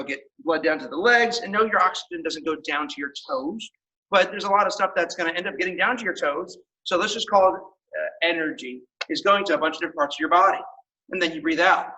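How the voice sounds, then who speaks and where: A man teaching a martial arts class, calling out commands with energetic shouts and laughter. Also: fairly high pitch. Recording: echoey room, mic far off.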